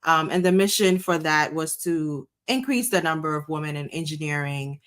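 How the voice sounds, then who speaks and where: A woman from Ghana, an engineer and podcast guest, explaining things in a measured way with frequent ums. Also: low-pitched, a bit bright. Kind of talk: casual interview chat.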